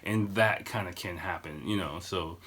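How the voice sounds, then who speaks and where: Male podcast host, thirties, low voice, casual, rambling, profane. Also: moderate pace, a bit bright. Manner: rambling, profane, lots of fillers.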